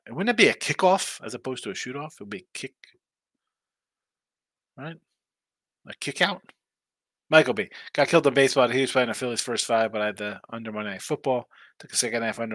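A tired man hosts a live sports betting stream, yawning between picks, rambling casually and reading viewer chat aloud. His medium-pitched voice has a bright, forward edge. The mic is close and dry, with no room sound.

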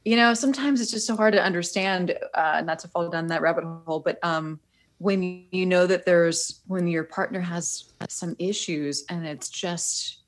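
A woman's voice: fairly low pitch, fairly even intonation, normal speed. A woman co-hosting a casual podcast, giving earnest, reflective advice. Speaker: podcast co-host. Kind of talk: casual chat.

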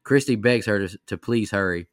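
A man on a podcast reading out a film's plot recap in a brisk, steady way. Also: lowish voice, clean tone, dry recording, clean studio sound.

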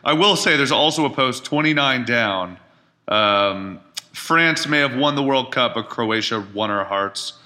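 A man co-hosting a podcast, talking in an animated, casual way with plenty of swearing. His voice is very bright and forceful, and it sits at an ordinary pitch. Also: a little slow. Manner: animated, swearing, laughs easily. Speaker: podcast co-host. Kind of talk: casual chat.

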